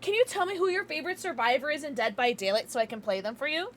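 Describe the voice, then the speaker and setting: A woman's voice: high-pitched, very animated, quick pace, a bit bright. A young woman streaming from home, chatting casually with viewers in a giggly, tipsy, chatty way. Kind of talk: casual livestream chat with viewers.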